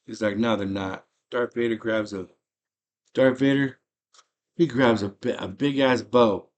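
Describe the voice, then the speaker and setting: A man's voice: mid-range voice, measured pace, highs cut off. A man casually recapping a movie in slangy, enthusiastic storytelling. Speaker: movie channel host.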